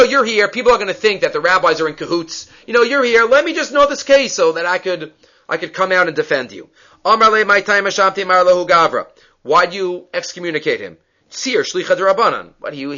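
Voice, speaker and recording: A man's voice: high-pitched, lively intonation, quick pace, sharp tone. A man teaching a Talmud class, reading and translating the text and acting out the dialogue with animation. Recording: dull lo-fi recording.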